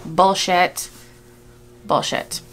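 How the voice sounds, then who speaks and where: A woman's voice: on the low side, little pitch movement, very slow, fairly bright tone, slight background noise. A woman giving reaction commentary on a video, indignant and exasperated, with frequent sighs. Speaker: YouTube commentator.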